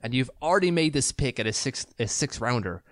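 A man's voice: a little fast, no room sound. Canadian guy on a podcast call, fired up, keeps restarting, mid voice, dry close sound. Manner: excitable, restarts a lot, pitch jumps up when emphatic. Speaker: podcast co-host. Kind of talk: casual sports talk. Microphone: remote video call.

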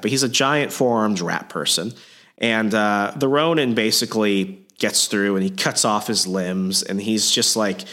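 A man's voice: fairly low pitch, fairly bright tone. Casual, profane man recapping a comic. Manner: casual, profane, lots of fillers. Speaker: comic book podcast host. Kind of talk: casual chat.

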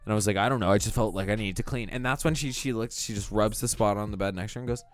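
A man's voice: on the low side, fairly even intonation, racing, soft background music. A young man co-hosting a podcast, telling a story in a casual, profane, laughing way. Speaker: podcast co-host.

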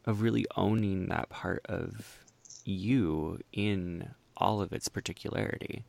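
A male podcast host asking curious follow-up questions, hesitant and searching for his words. His voice is lowish with a gravelly edge. The sound is dry and close. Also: a little slow, no room sound. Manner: soft affirming murmurs, hesitant phrasing.

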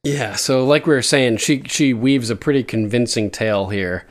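A man's voice: mid-range voice, normal speed. A man in casual chat, recapping a TV episode with a co-host and acting out the characters' lines. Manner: animated, acts out character lines in quotes.

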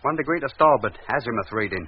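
An actor playing a cheeky, chatty radio operator in a 1950s radio drama. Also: male voice, medium pitch, expressive, fast, slight background noise, lightly acted. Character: chatty male radio operator, working-class Londoner. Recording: muffled 1950s radio broadcast.

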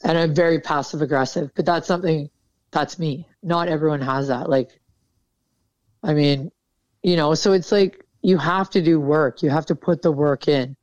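A woman's voice: deep voice, moderate pace, a little mellow, dry recording. A woman military veteran talking candidly in an interview, casual and frank, swearing freely. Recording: dull, dry sound.

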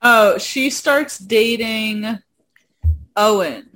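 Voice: mid-range voice, very slow, bright, forceful tone. A speaker in casual chat, enthusiastic, swearing casually and laughing often. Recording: faint background noise.

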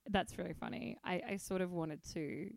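A woman's voice: lowish voice, normal speed, vocal fry, dry recording. A young woman from Australia co-hosting a podcast, chatting casually with plenty of fillers and laughs. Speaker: podcast co-host. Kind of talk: casual chat.

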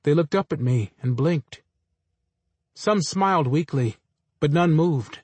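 A man reading a first-person story aloud in a measured, dry storytelling manner. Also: fairly high pitch, animated, a little mellow, breathy edge, no room sound. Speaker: narrator.

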